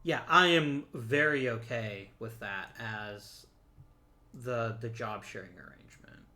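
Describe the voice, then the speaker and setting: A man records casual let's play commentary in a bright, forceful voice. He jokes as he goes and talks straight to the viewers and the players in the game. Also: mid-range voice, slow. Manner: chatty and joking, talks to the viewers and to the players on screen.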